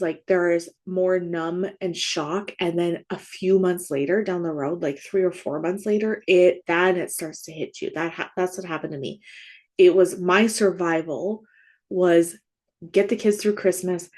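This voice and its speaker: Woman in her 30s, grief coach host, slightly low pitch, chatty teaching tone full of "like" and "right?". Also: fairly even intonation, a little slow, darkish tone. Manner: conversational, frequent "like" and "right?" check-ins. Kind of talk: casual spoken podcast teaching.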